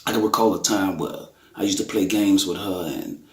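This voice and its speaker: A man's voice: sits low, fairly even intonation, normal speed. A middle-aged man telling his daughter's testimony in a colloquial, earnest way, acting out quotes with sudden bursts. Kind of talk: emotional testimony storytelling. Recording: echoey room.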